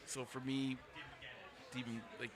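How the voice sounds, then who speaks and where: A man hosting a podcast interview, speaking in a halting, friendly way with a slight speech impediment. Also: mid-range voice, level tone. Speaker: podcast host. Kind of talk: casual interview. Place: busy convention floor. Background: crowd chatter.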